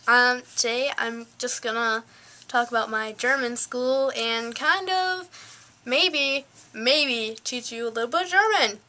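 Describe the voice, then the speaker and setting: A woman's voice: fairly high pitch, slow pace, pushed and bright. A young woman vlogging casually, rambling with lots of "like" and "um", filmed on a handheld camcorder. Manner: rambling, full of fillers and "like". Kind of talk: casual chat. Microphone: flip cam.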